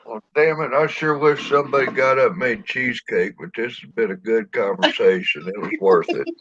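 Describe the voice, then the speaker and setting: A man's voice: medium pitch, a little fast, fairly bright tone, slight background noise. A tipsy man with a rural Missouri accent, rambling through a casual chat with lots of restarts and swearing. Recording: dull lo-fi dry audio.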